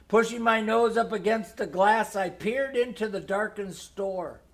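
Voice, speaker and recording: A man reading a nostalgic holiday story aloud in a gentle storytelling manner. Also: sits high, unhurried. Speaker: narrator.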